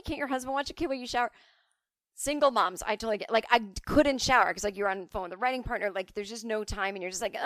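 A woman's voice: medium pitch, a bit bright, no echo, clean studio sound. A woman hosting a podcast who tells comic stories in a chatty, self-mocking way and swears freely. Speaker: podcast host. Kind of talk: casual comic storytelling.

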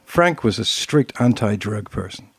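An older man with a British accent, co-hosting a casual chat and telling anecdotes in an animated way. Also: on the low side, unhurried, slightly rough, dry recording. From Britain. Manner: storytelling, animated asides. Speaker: co-host.

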